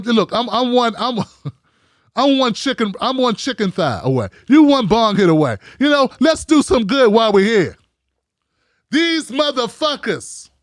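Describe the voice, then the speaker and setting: A man with a high voice delivers a fired-up, profanity-heavy rant as host of a live commentary stream. The sound is dry and close. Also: a bit bright, no room sound. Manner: heated, profane and ranting.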